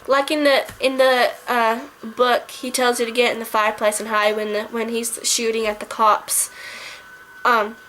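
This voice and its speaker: A woman with a fairly high voice talks into her camera in a relaxed, rambling review vlog. She doubles back and restarts her sentences as she works her thoughts out aloud. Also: low-quality recording. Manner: rambling and chatty, with frequent restarts. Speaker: book and film reviewer.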